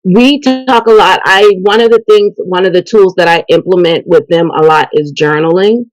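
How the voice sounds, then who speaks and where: In poor audio, a middle-aged woman with a lowish voice speaks at normal speed as a guest on a local TV interview. An event host and youth mentor, she's animated and earnest, discussing her faith and work.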